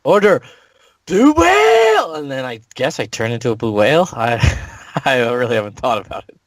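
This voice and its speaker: A man co-hosting a casual podcast chat, jokey and quick to laugh, with profane asides. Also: medium pitch, no echo. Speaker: podcast co-host.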